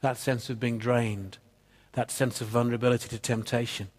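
A man preaching a sermon. He tells stories and drops quietly at the ends of phrases. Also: medium pitch, level tone, normal speed. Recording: long reverb of a church hall.

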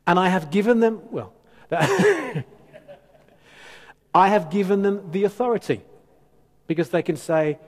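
Aussie bloke preaching, bit high-pitched, husky, chatty asides, big echoey church. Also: male voice, a little slow, pauses often. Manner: animated, emphatic preaching with conversational asides. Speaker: pastor. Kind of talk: sermon. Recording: long church hall reverb.

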